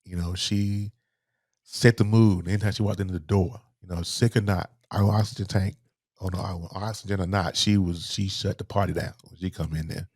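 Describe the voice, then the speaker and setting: A middle-aged man, softly telling a personal story as a podcast guest, halting and restarting as he speaks. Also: low voice, fairly even intonation, slightly rough, no room sound, studio quality. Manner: soft-spoken, halting, with repeated restarts.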